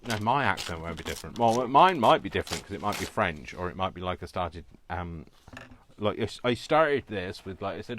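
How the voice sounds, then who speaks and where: A man's voice: on the low side, lively intonation, moderate pace, a bit bright. A man with a British accent chatting casually and rambling while he crafts at home, laughing often. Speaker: craft video host.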